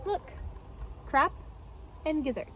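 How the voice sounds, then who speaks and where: A woman voicing a gentle, proud little worm in a children's picture book read-aloud. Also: high voice, expressive, slow pace, slight background noise, full character voice. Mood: friendly.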